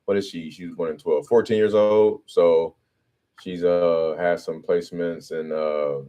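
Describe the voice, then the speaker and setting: A man hosting a casual call, warmly encouraging and quick to affirm what he hears. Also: low voice, steady tone. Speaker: host.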